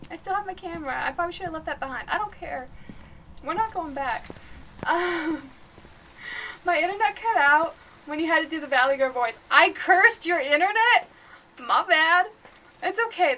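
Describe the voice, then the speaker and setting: A woman streamer chatting through a horror game live, jumpy and giggly, yelling out to the ghost now and then. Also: high-pitched, slight background noise. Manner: chatty, jumpy, laughs often, calls out loudly to the ghost.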